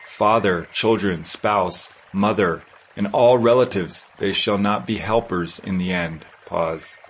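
A man giving a slow, solemn scripture reading, measured and reverent, with pauses between phrases. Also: deep voice, slight background noise, low-quality recording. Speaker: scripture reader.

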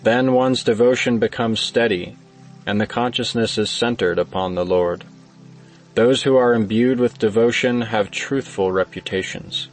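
A man giving a measured, solemn devotional scripture reading. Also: mid-range voice, faint music behind, low-quality recording. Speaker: scripture reader.

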